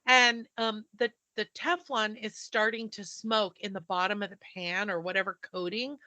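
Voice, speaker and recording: Female podcast co-host, bright and high-ish, an animated storyteller who acts out the quotes, dry close sound. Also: moderate pace, no room sound. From not from the South. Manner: animated, breathless retelling with quoted dialogue. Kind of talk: casual storytelling chat.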